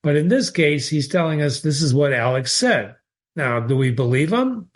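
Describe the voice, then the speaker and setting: A man's voice: fairly high pitch, animated, moderate pace. A man talking casually through a short story as a literature teacher, answering emails from viewers, wandering into asides and reading passages aloud. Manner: conversational, digressive, with restarts and asides. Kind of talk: casual spoken literary analysis.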